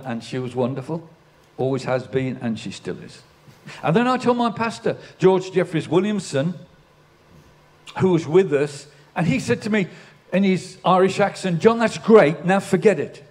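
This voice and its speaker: A man's voice: on the high side, animated, normal speed. Older man preaching a sermon. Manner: storytelling, builds to emphatic declarations. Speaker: pastor. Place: church.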